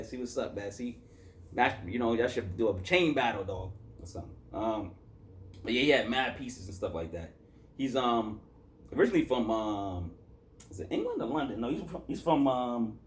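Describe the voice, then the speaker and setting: A tired man from Boston talks through a classic hip-hop album in a rambling, casual way. His voice has a lively, animated pitch that bounces around, and he keeps stopping to correct himself. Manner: loose, chatty, filler-heavy, self-correcting. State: tired after a work shift. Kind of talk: casual rambling review chat.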